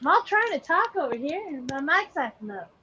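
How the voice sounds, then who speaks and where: A chatty woman playing a tabletop game with a high, lively voice. She comes through a dull, muffled microphone. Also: brisk. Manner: chatty, apologetic, giggly. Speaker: player. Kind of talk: casual tabletop play.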